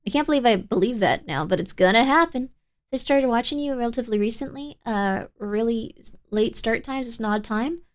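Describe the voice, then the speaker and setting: A woman's voice: fairly high pitch, a little fast. A young woman hosting a live stream, chatting casually and reading viewer messages in a bubbly, rambling way full of fillers. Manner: bubbly and rambling, filler-heavy with frequent 'like'. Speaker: livestream host.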